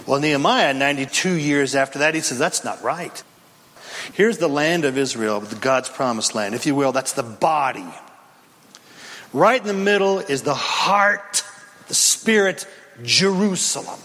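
A man preaching a dramatic, impassioned sermon, shouting at peaks, in a reverberant hall. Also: on the high side, normal speed. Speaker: pastor.

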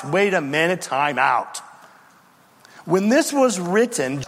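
A man's voice: on the high side, big pitch swings, unhurried, fairly bright tone, long reverb tail. A man preaching a sermon with dramatic storytelling, acting out the voices of biblical figures. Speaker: pastor.

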